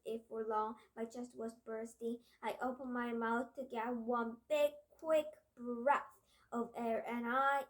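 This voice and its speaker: A woman reading a children's novel aloud in an earnest tone, with small stumbles and restarts. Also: a little high. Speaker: reader. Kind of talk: storybook read-aloud.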